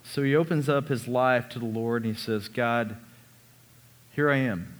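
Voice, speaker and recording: A man preaching a sermon as a pastor, earnest, sometimes dropping his voice to a hush on key lines. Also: mid-range voice, normal speed. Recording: long reverb of a large hall.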